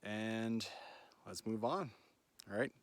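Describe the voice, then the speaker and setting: Outdoors on a backcountry trail, a lone backpacker records his trip on a handheld phone, talking slowly in a lowish voice captured dry. He chats and rambles as he hikes, often tacking "right?" onto the end.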